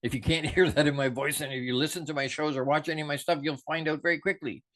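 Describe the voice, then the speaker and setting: A middle-aged man hosting a show, giving an unscripted, passionate motivational talk that swings between soft reflection and emphatic urging. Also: fairly high pitch, steady tone, fast talker.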